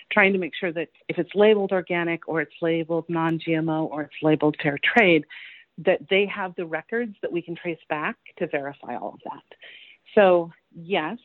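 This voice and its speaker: A woman's voice: fairly low pitch, no echo. A woman guest on a podcast interview, chatty and enthusiastic, often laughing as she talks. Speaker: guest, candy company founder. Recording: tinny phone-line sound, dry.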